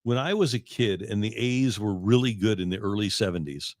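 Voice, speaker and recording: A man in his sixties hosting a sports talk show, reminiscing in a relaxed, halting way with many fillers. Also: lowish voice, dry recording, studio quality. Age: 60s. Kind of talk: casual sports radio chat. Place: radio studio.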